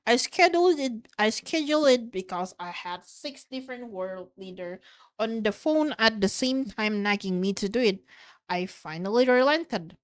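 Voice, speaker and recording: A woman's voice: on the high side, lively intonation, moderate pace, clear, resonant tone, lightly acted. A woman voicing a blunt, impatient female official while reading a novel aloud. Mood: curt.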